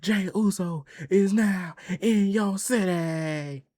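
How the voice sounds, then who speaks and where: A man's voice: sits high, slow pace, a little mellow, no room sound, clean studio sound. A man co-hosting a casual wrestling podcast, laughing often and retelling promos with animation. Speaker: podcast co-host.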